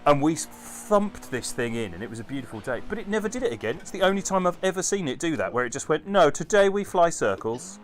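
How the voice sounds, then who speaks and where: Animated man telling stories. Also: on the high side, quick pace, few pauses, a little hiss or hum. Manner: animated storyteller, swears freely. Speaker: commentator and airline pilot. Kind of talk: casual chat over a stream.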